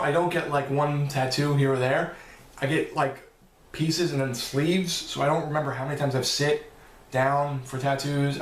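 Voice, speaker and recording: A man's voice: medium pitch, echoey room, slight background noise. A man answering viewer questions in a loose, rambling vlog, swearing now and then. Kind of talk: casual Q&A vlog.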